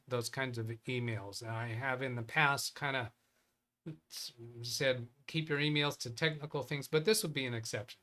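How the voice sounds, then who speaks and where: Bright-voiced man hosting a tech stream. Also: mid-range voice. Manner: rambling, thinks aloud, reads viewer emails. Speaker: host of a live Windows help show. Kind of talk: casual live-stream tech chat.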